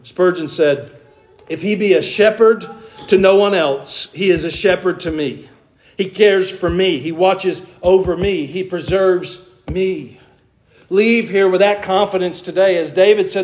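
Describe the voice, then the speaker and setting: A man's voice: high-pitched, darkish tone. Southern man preaching a sermon. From American South. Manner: earnest preaching, varied emphasis, asks the congregation questions. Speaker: pastor. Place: church.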